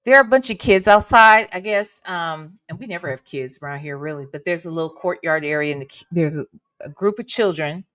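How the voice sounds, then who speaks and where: A woman's voice: on the low side, brisk, a bit bright, no room sound, clean studio sound. A woman hosting a casual livestream from home, chatting with her viewers and swearing casually into a desk microphone. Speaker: reaction channel host.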